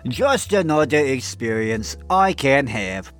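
List: man, comedic commentary host, sarcastic, laughing, stumbling restarts, lively pitch. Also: moderate pace, faint music behind. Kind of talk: comedic commentary reading online posts.

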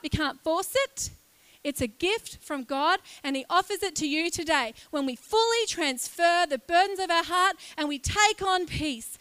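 A woman preaching a sermon, animated and acting out voices as she talks. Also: high voice. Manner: animated, acts out voices and sound effects.

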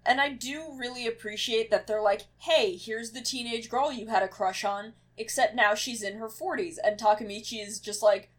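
A woman's voice: a little high, normal speed, hardly any pauses. A woman co-hosting a podcast in casual chat, earnest and conversational. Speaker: podcast co-host.

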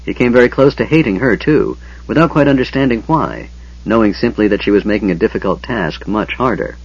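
A man narrating a fantasy audiobook with a dramatic, expressive reading. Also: fairly low pitch, fairly quick, breathy edge. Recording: dull lo-fi sound.

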